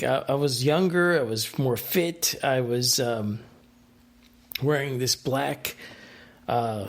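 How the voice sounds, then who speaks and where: Rambling man with many fillers. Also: mid-range voice. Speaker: podcast host. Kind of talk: casual solo monologue recounting dreams.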